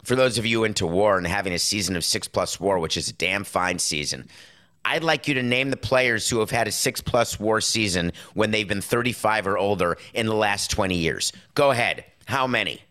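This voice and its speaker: A man's voice: lowish voice, moderate pace. A middle-aged man hosting a sports talk show, giving an opinionated monologue with sarcastic, punchy stresses. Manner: emphatic, sarcastic, punchy with sudden loud stresses.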